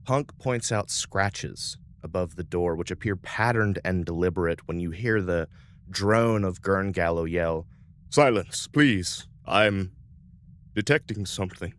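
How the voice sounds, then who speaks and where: A man's voice: low voice, a little hiss or hum. A man narrating as game master in a tabletop space game, casual with fillers.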